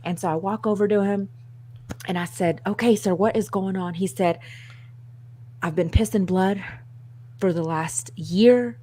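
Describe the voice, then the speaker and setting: A woman co-hosting a casual chat show, telling a story in an animated, self-mocking way and laughing often. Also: medium pitch, a little slow, long pauses. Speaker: co-host.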